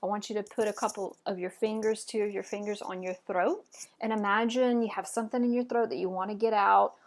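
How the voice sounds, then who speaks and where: A woman teaching a French pronunciation lesson. She talks patiently and encouragingly, saying each word slowly and then asking the listener to repeat it. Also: mid-range voice, fairly even intonation.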